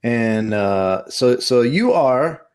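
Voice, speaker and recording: A man co-hosting a podcast in casual chat, joking and animated, with slangy talk. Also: mid-range voice, drawn-out words, smooth. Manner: joking, animated, slangy, puts on funny voices. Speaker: podcast co-host.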